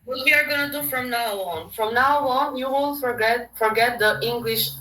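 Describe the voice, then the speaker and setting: A woman's voice: on the high side, normal speed, pushed and bright, echoey room, recorded from a distance, slight background noise, poor audio. A woman from Albania with an Albanian accent, a language teacher patiently correcting pronunciation in an online lesson. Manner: patient, repeats words for the learner to copy.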